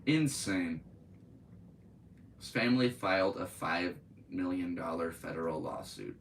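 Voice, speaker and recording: A man's voice: sits low, expressive, measured pace, far from the mic, slight background noise, low-quality recording. A man hosting a podcast, reading news aloud and breaking into profane, angry commentary. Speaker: podcast host.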